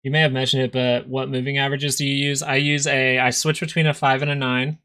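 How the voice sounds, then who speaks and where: A man's voice: medium pitch, flat delivery, fast talker, sharp tone, clean tone. A young man hosting a live stock market stream, giving casual, rambling chart commentary and joking with viewers. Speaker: stock market livestream host.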